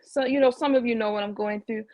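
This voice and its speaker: A woman caller sharing her feelings in a halting way, with many likes and restarts. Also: a little high, fairly even intonation, a little mellow, no room sound. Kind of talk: casual, emotional sharing.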